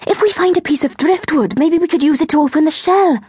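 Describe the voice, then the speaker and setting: A woman's voice: high-pitched, brisk, a little mellow, dry recording, clean studio sound, voice pushed up, close to an everyday voice. Kirsty, an eager young schoolgirl, played by a woman narrator. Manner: eager and reassuring. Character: excited young schoolgirl, warm and brave.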